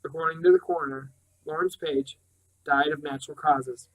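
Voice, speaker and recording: A man's voice: fairly high pitch, completely flat delivery, moderate pace, close to an everyday voice, rough recording. A man doing a blunt police detective. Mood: matter-of-fact. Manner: matter-of-fact, explaining. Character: blunt middle-aged male police detective.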